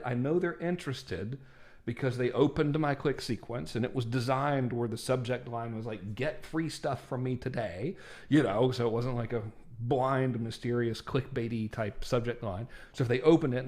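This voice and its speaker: A man's voice: medium pitch, darkish tone. Male marketing instructor, casual screen-share walkthrough, chatty and self-deprecating.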